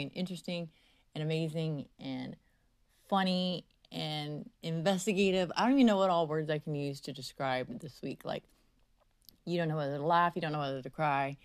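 A woman hosts her own livestream in a low, dry voice. She rambles, circling back with fillers and dropping the odd curse. The delivery feels unscripted and personal. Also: no echo. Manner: meandering, profane, frequent fillers; brash and mocking with callers. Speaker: livestream host.

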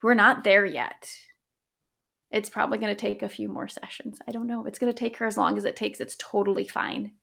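A woman speaking as a coach in a casual interview, reflective and quick to laugh, with frequent fillers. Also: mid-range voice, little pitch movement, vocal fry. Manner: warm, reflective, laughs easily, many fillers. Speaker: guest coach.

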